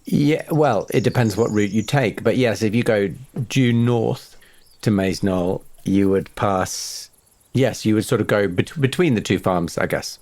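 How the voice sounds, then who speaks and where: A man acting as game master, answering players in a measured, thinking-aloud way. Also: lowish voice, darkish tone. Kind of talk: running a tabletop game.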